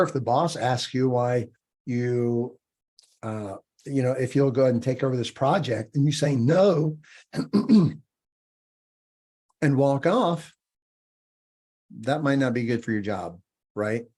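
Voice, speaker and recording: A man's voice: mid-range voice, lively intonation, slow pace, long pauses, a little mellow. A man hosting a podcast and teaching self-defense, talking through casual advice in an emphatic way, often checking in with "right?". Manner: emphatic, repeats key points, frequent "right?".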